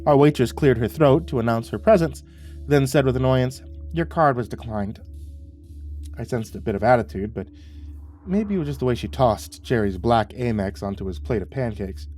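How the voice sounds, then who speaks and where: A man reading a horror story aloud as a narrator, in a wry, measured manner. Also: medium pitch, animated, warm tone, faint music behind.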